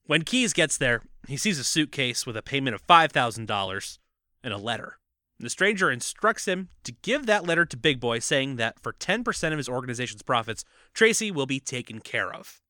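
A man's voice: mid-range voice, sing-song, a little fast, bright, forceful tone, dry recording, studio quality. A man co-hosting a casual movie podcast, recapping the plot with jokes and frequent laughter. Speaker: podcast co-host.

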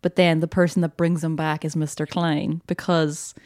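A low-pitched woman with a flat, slightly mellow delivery co-hosts a casual podcast discussing a film at a moderate pace. She's still chatty and enthusiastic, laughing frequently and using plenty of fillers.

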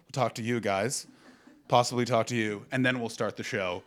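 A man's voice: medium pitch, steady tone. A man in his thirties from Canada, hosting a live improvised comedy podcast and doing crowd work in a small room, riffing brashly with lots of swearing. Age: 30s. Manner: brash, profane, rapid riffing that bursts into shouting.

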